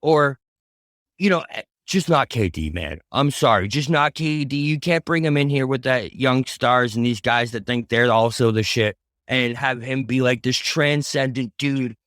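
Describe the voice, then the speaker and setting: A man's voice: mid-range voice, a little slow, fairly bright tone, dry recording, clean studio sound. A man co-hosting a casual sports podcast, talking earnestly and rambling through his opinions. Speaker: podcast co-host.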